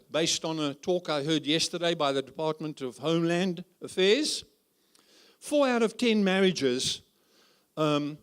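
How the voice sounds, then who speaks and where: A man preaching as a guest speaker at a church conference, humorous and full of rhetorical questions. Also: fairly high pitch. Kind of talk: conference sermon.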